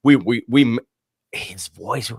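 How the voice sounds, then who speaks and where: A host on a casual live stream swears often and mocks the person he's discussing, staying animated throughout. His medium-pitched voice is slow, slightly rough and touched with vocal fry, in clean studio-quality audio with no room sound.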